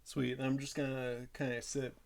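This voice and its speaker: A man casually playing a tabletop game, relaxed and a bit hesitant. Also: mid-range voice, moderate pace, gravelly. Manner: laid-back, hesitant. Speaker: player.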